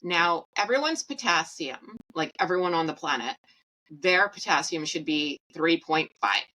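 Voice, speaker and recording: Bright-voiced woman telling a story. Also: low voice, lively intonation, a little slow, poor audio. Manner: blunt, profane, laughs at her own jokes. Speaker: podcast host. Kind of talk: casual storytelling monologue.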